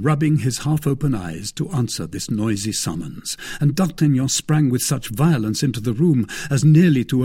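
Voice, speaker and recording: Expressive husky male audiobook narrator. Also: mid-range voice. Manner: expressive, dramatic reading. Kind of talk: scripted narration of a classic novel.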